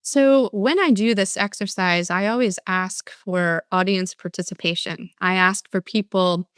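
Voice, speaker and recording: A woman's voice: mid-range voice, measured pace, fairly bright tone, clean tone, no room sound, clean studio sound. An older woman giving a motivational talk as a speaker and coach, earnest, often restarting and acting out answers from her audiences.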